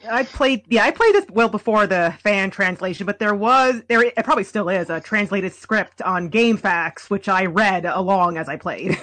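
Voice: medium pitch, expressive, normal speed, a bit bright. A podcast co-host casually chiming in with game trivia and corrections. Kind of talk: casual chat.

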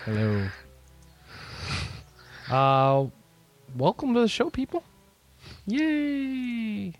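A man's voice: medium pitch, expressive, normal speed, a bit bright, muffled recording, soft background music. A man hosting a gaming podcast in casual chat, joking and rambling, laughing easily. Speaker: podcast host.

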